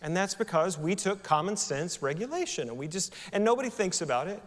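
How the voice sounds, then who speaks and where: A man's voice: high voice, expressive, brisk, in a large hall. A male pastor preaching a sermon in a conversational style, often asking the congregation rhetorical questions. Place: church sanctuary.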